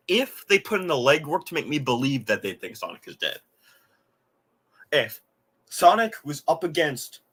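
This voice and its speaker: A man's voice: fairly high pitch, sharp tone, breathy edge. A man hosting a live game reaction, ranting with exasperation, swearing often and laughing at what he watches.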